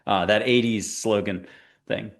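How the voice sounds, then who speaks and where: A man being interviewed as a spiritual teacher, talking in a chatty, playful way with quick tangents and jokes. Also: on the low side, fairly even intonation. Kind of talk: conversational interview talk.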